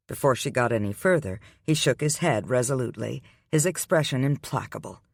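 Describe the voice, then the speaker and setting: A man giving the scripted, unhurried narration of a romance audiobook. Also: medium pitch, lively intonation, creaky, no echo, clean studio sound.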